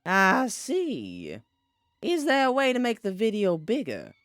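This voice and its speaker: A woman voicing a polite, soft-spoken older mother with a put-on Southern accent while reading a game aloud. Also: medium pitch, wildly swooping pitch, slow pace, no room sound, studio quality. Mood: genteel. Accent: put-on American Southern. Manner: polite, gently concerned, lilting. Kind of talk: reading a visual novel aloud, doing voices.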